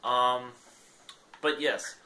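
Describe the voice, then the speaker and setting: A man's voice: mid-range voice, steady tone, slow pace, bright, forceful tone. A young man giving casual gameplay commentary, rambling and self-deprecating. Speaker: gaming channel host.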